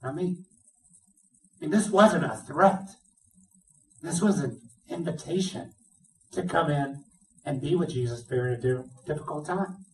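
A male pastor delivers a sermon as a vivid story, bringing its characters to life as he goes. His voice sits a touch high and rings through a roomy church sanctuary. The mic picks him up from some distance. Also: normal speed, long pauses. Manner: animated storytelling, acts out dialogue. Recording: roomy sound, speaker away from mic.

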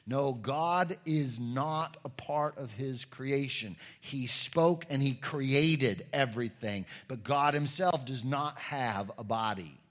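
A man preaching a sermon, teaching with animated emphasis and casual asides. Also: mid-range voice, slow, few pauses. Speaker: pastor.

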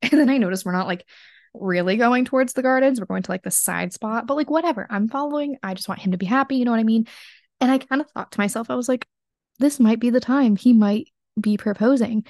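A woman's voice: a little high, fast talker, no echo, clean studio sound. A young woman hosting a podcast, telling a story in a bubbly, chatty way, full of fillers and frequent laughter. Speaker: podcast host. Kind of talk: casual storytelling monologue.

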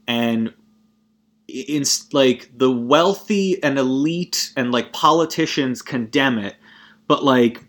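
A man's voice: mid-range voice, takes it slowly, a bit bright. A young man in a casual movie rant, rambling and profane, constantly cutting himself off mid-sentence. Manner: rambling and profane, frequent self-interruptions.

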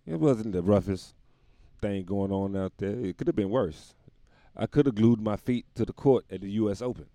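Lowish voiced guy ranting and cracking himself up, voice jumps all over, dead dry mic. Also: mellow, no room sound. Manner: rambling, laughs at own jokes, swears constantly. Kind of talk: profane comic monologue.

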